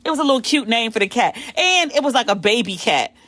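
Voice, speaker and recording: A woman from the United States hosting a podcast, telling a story casually and acting out the quotes with big jumps in pitch. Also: sing-song, fast talker, fairly bright tone, no echo. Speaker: podcast host.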